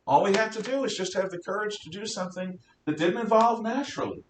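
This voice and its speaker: A man giving a history lecture to a class, emphatic and animated, firing off rhetorical questions. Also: fast talker. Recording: roomy, distant mic with faint rumble.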